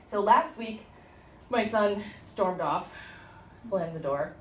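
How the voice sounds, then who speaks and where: A woman's voice: mid-range voice, slow, slight background noise. Chatty woman teaching a class. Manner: chatty, storytelling, animated asides. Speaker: tapping instructor. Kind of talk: informal workshop lesson. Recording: echoey room from a distant mic.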